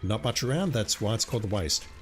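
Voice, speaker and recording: A man's voice: lowish voice, expressive, fast talker, music in the background, natural voice. A man voicing an exasperated cartographer in a game, reading the lines in a curt, condescending manner.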